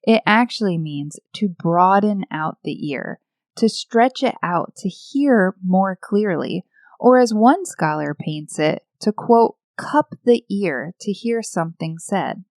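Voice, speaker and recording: A woman's voice: mid-range voice, expressive, slow, darkish tone, no room sound, clean studio sound. A woman hosting a podcast, telling a devotional story in a playful, self-deprecating way from a script. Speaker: podcast host.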